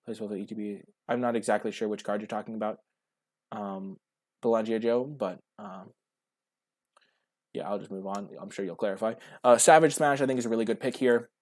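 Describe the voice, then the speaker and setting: A man's voice: fairly low pitch, fairly even intonation, brisk, a little mellow. A man giving casual commentary while drafting cards, thinking aloud and answering his chat. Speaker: streamer.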